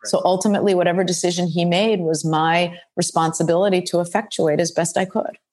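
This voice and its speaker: A woman's voice: on the low side, fairly even intonation, a little fast, darkish tone. An older woman speaking bluntly and frankly as an interview guest, recounting her career in a forthright storytelling manner. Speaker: guest, former football executive. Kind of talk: interview conversation.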